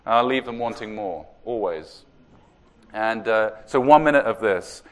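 A man preaching a sermon, telling a story in an earnest way and slowing down to stress key words. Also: on the low side, expressive.

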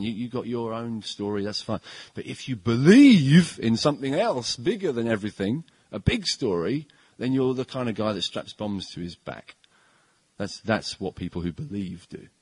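A middle-aged man preaching a conversational sermon, emphatic and animated, with frequent hesitations. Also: on the low side, slightly rough, dry recording, rough recording.

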